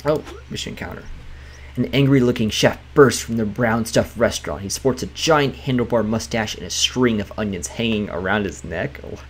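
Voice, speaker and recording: A man's voice: on the low side, moderate pace, a little hiss or hum. A man casually commenting while playing a management game, chatty and often laughing, reading game text aloud. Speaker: gaming writer streaming a game. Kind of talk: casual let's-play commentary.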